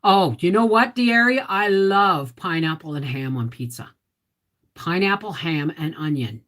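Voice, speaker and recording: A woman's voice: lowish voice, lively intonation, a little slow, fairly bright tone. A Canadian woman hosting a casual livestream, chatting and reading viewer comments aloud and answering them. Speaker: livestream host.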